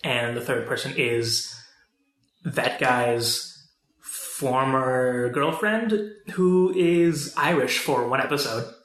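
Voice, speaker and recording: A man's voice: mid-range voice, slow pace, fairly bright tone, roomy sound. A man co-hosting a podcast, chatting casually about movies and TV, rambling with lots of fillers and restarts. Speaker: podcast co-host.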